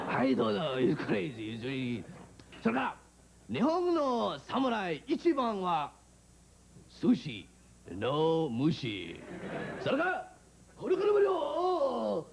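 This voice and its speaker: A man's voice: sits high, huge pitch swings, vocal fry, slight background noise, heavily acted. A man doing a frantic Japanese comic. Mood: manic. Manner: rapid, erratic, jumbled patter. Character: manic Japanese stand-up comic, young man. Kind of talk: late-night stand-up bit.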